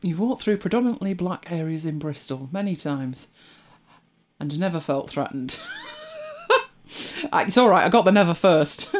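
A middle-aged host with an English accent chats casually and reflectively, often laughing and drifting into asides. The voice is medium-pitched and animated, at a moderate pace with long pauses.

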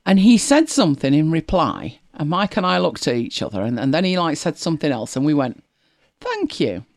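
A woman tells chatty stories and laughs her way through them. Her pitch swings widely up and down. The recording sounds dry and close. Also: expressive, a little fast, a little mellow, no echo. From northern England. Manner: chatty storytelling, lots of laughing asides. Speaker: co-host. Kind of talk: casual chat.

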